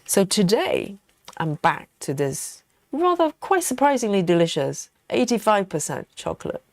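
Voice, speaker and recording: A woman's voice: medium pitch, huge pitch swings, moderate pace, a little mellow, no echo, clean studio sound. Giggly woman chatting on a stitching livestream. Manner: chatty and giggly, reads viewer comments aloud; snacks on chocolate while talking. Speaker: livestream host. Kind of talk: casual live-stream chat while cross-stitching.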